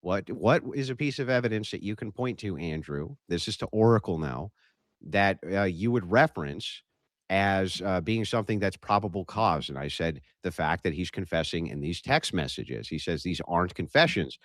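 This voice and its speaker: A man's voice: sits low, lively intonation, moderate pace, no echo. A man arguing bluntly in a heated online debate, pressing his point and cutting in. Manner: blunt, combative, interrupts.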